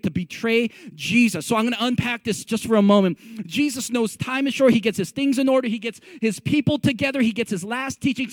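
A man preaching a sermon as pastor, animated and conversational, full of rhetorical questions. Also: very high voice, no echo.

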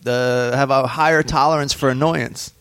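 A man's voice: medium pitch, fairly even intonation, normal speed, fairly bright tone, no room sound. A man hosting a casual podcast and teasing his co-hosts with profane jokes. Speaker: host.

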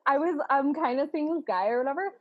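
A woman's voice: high voice, fast talker, muffled recording. A woman hosting a podcast in a casual chat, bubbly and laughing often, swearing freely and saying "like" a lot. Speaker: podcast host.

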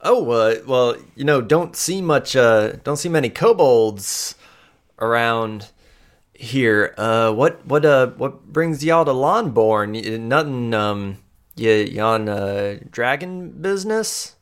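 A man's voice: mid-range voice, expressive, slow pace, clear, resonant tone. A man voicing a nervous rural woman forager who stammers and rambles in a folksy drawl.

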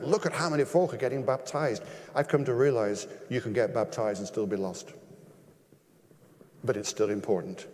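An older man preaching a sermon as pastor, emphatic, with rhetorical questions and sudden rises in pitch and loudness. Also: in a large hall.

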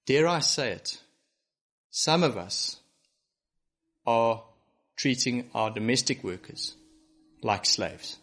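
This pastor's medium-pitched, fairly bright voice moves slowly and expressively, broken by long pauses. Preaching to a congregation watching the church broadcast from home, he presses them earnestly with rhetorical questions.

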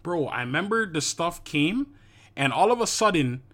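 A young man chats in loose slang, sliding up and down in pitch as he talks. His tone is bright and forward, and he keeps jumping in with quick agreement. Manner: lively slangy, interjects and agrees. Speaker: podcast co-host. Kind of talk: casual chat.

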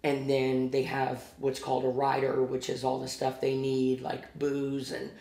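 Gravelly Midwestern man telling stories. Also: mid-range voice, measured pace, echoey room. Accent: Midwestern American. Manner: animated anecdote teller who acts out quotes. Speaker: guest, former music venue promoter. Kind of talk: casual storytelling interview.

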